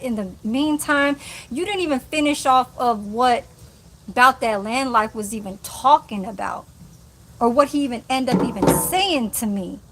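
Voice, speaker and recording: A woman's voice: sits high, fairly bright tone, a little hiss or hum. A woman ranting angrily on her live stream, cursing and calling out someone directly. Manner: profane, combative, addresses viewer directly. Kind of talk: angry live-stream rant.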